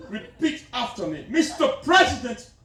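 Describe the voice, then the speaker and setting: A man's voice: very high voice, big pitch swings, normal speed, heavy background noise. A man performing live stand-up as a pompous, crude, self-styled dictator president, teasing the audience in a large theater. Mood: boastful. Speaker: stand-up comedian. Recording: echoey theater from a distant mic, loud crowd.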